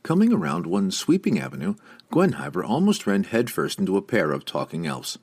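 A man narrating a fantasy novel as an audiobook, with expressive storytelling. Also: low voice, a little fast, vocal fry, breathy edge. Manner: expressive storytelling with lively inflection.

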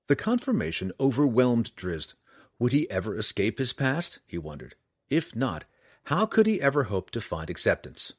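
Middle-aged male narrator, fantasy audiobook; low, lively, dry close read. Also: moderate pace, husky, no echo. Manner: expressive storytelling delivery. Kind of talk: scripted narration.

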